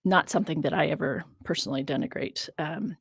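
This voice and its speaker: A woman's voice: sits low, a little fast, gravelly, husky, no echo. A woman biblical scholar hosting a casual teaching livestream, musing aloud, laughing often and stressing key words.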